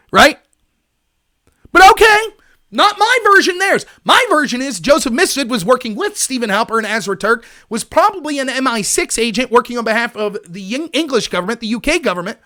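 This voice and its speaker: A man hosting a political commentary livestream, talking in an animated, sarcastic, ranting way. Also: extremely high pitch. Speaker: host.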